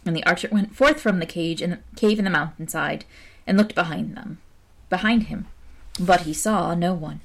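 A woman reading an old folk tale aloud in a measured storytelling manner. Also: lowish voice, creaky. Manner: measured, lightly archaic narration.

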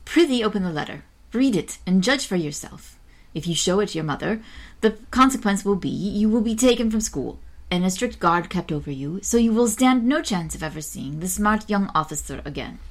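A woman's voice: medium pitch, lively intonation, moderate pace, pitched above the performer's own voice. Woman reading as a coaxing, worldly schoolteacher. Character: scheming worldly female schoolteacher, teasing.

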